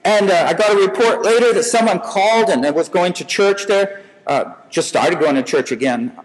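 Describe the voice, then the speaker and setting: A man's voice: high voice, moderate pace, long reverb tail, poor audio. A man preaching a sermon in a conversational way, telling stories and asking rhetorical questions.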